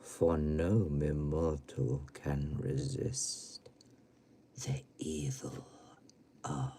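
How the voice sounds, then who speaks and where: A man putting on a menacing horror narrator voice, reciting slowly and drawn out, dropping into whispers. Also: a bass voice, level tone, warm tone, husky, voice pushed down, full character voice.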